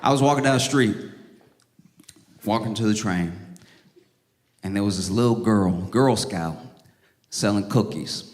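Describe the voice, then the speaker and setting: A male stand-up comedian telling calm, wry stories that climb into exasperation. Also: lowish voice, measured pace, long pauses. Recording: reverberant performance hall.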